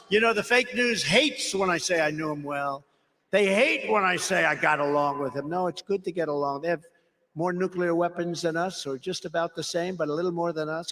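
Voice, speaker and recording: An older man giving a rambling, boastful rally speech, repeating phrases and swinging between quiet asides and shouted emphasis. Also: fairly high pitch, in a large hall, slight background noise. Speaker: political speaker. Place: political rally.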